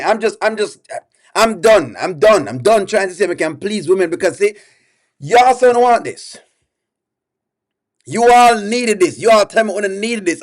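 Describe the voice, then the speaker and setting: Exasperated, a high-voiced man pleads with his live stream chat as he reacts, saying the same things over and over.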